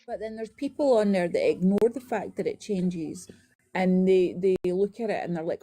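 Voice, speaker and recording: Woman, casual live chat, animated storyteller, warm dark tone, slightly husky. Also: on the low side, unhurried, no room sound. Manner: animated storytelling, frequent "right?" tags. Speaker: live stream panelist.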